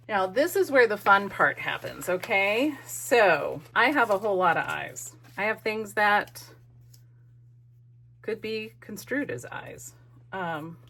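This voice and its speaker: Slow-talking woman narrating her crafting. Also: medium pitch, bright, forceful tone. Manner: chatty, self-mocking, playful. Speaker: craft video host.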